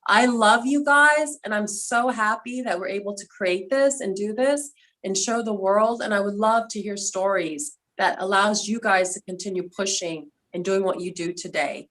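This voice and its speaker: A woman's voice: medium pitch, normal speed, hardly any pauses, low-quality recording. Heartfelt woman hosting a reunion call. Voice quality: quadriplegic speaker talking from a seated video call. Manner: emotional, heartfelt storytelling. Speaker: host of a reunion video call. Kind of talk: casual reunion chat. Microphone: video call.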